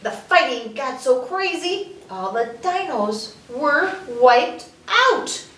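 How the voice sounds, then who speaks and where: A woman's voice: high-pitched, animated, slow pace, fairly bright tone. A woman reading a picture book aloud at a library story time, playful and sing-song. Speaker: children's librarian. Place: library room. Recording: roomy echo, mic far off.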